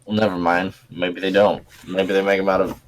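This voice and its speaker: A young man co-hosting a casual podcast, teasing his friends with crude, deadpan jokes. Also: sits low, fairly quick, slight background noise. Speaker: podcast co-host. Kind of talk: casual chat.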